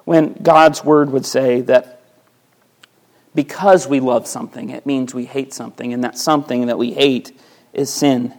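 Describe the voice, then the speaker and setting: A man's voice: mid-range voice, steady tone, a little slow, darkish tone. A male pastor preaching a sermon in a conversational way, asking his listeners rhetorical questions and restarting phrases by repeating words. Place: church sanctuary.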